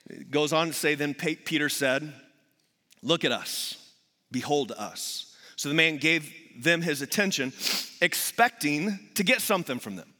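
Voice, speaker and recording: A man's voice: fairly high pitch, animated, a little slow, pushed and bright, in a large hall. A male pastor preaching a sermon, telling personal stories with humor and acting out quotes energetically.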